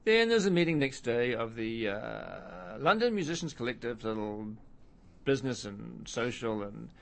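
A middle-aged man with a mid-pitched voice chats as a guest, rambling loosely through anecdotes. He fills his talk with ums and uhs and laughs at himself. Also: very animated, moderate pace, creaky, fairly bright tone. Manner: rambling storyteller, self-deprecating, many fillers. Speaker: musician guest. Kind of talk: casual interview chat.

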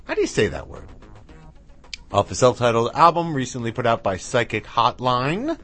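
A man's voice: medium pitch, wildly swooping pitch, moderate pace, a bit bright. A man hosting a radio music show, back-announcing tracks in a chatty, rambling, self-mocking way with asides to his dog. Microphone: studio mic with headphones.

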